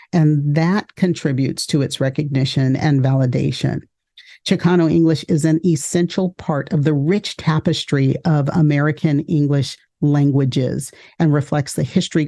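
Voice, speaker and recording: Mellow-voiced woman giving a lecture. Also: deep voice. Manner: measured, explaining with examples. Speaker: educator and podcast host. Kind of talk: explanatory lecture.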